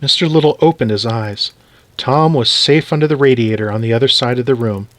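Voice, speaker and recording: A man reading a children's story aloud in an animated, expressive way. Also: mid-range voice, a little fast, no room sound.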